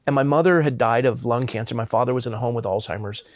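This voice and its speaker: A man's voice: mid-range voice, fast talker, dry recording. A man in his fifties, a pastor from Southern California, earnestly telling personal stories in an interview. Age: 50s. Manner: earnest, impassioned.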